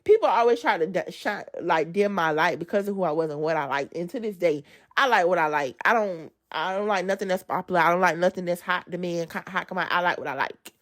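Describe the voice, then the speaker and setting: A woman's voice: lowish voice, fast. Amped-up woman preaching to y'all. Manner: amped-up and colloquial, addressing listeners as y'all; swings between loud emphasis and soft asides. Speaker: speaker giving a devotional testimony. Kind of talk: preachy devotional talk.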